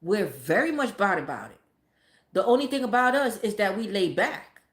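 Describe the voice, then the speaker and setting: A woman's voice: medium pitch, big pitch swings, moderate pace. A woman vlogger ranting bluntly and profanely, in a casual, emphatic way. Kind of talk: casual motivational rant. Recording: echoey room.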